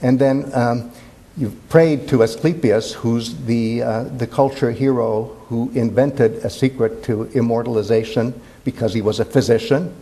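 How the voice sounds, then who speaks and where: A man's voice: mid-range voice, steady tone, unhurried, mellow. An older man from Indiana giving a playful, digressive classics lecture at a symposium, full of fillers and restarts. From Indiana, USA. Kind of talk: symposium talk.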